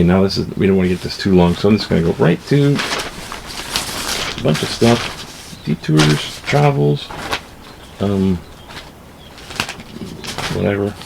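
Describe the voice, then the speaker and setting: A man's voice: sits low, creaky, darkish tone, a little hiss or hum. A man casually reading newspaper stories aloud, rambling into jokey asides and stumbling over words as he reads.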